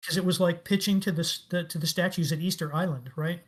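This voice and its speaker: A man's voice: high voice, fairly even intonation, fast. A middle-aged man talking as a guest in a casual interview, telling stories enthusiastically and with emphasis. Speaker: guest, game industry veteran.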